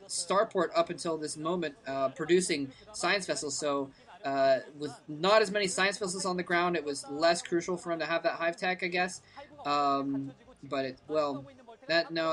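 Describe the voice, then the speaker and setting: Bright-voiced, hesitant esports caster. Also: mid-range voice. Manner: hesitant, many ums and restarts; bursts of excitement at big plays. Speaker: esports commentator. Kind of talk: play-by-play game commentary.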